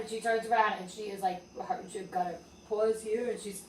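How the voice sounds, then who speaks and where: A woman hosting a casual podcast tells stories with energy and swears freely. Her voice sits at a middle pitch and sounds distant, with roomy echo and faint hiss behind it. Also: a little fast, few pauses. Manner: lively storyteller, swears freely. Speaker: podcast host and interviewer.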